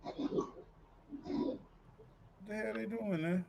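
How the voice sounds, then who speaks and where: A middle-aged man co-hosting a casual livestream, telling animated stories from home, laughing often and acting out quotes. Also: high-pitched, slow, gravelly, very noisy. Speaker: livestream co-host. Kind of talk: casual chat.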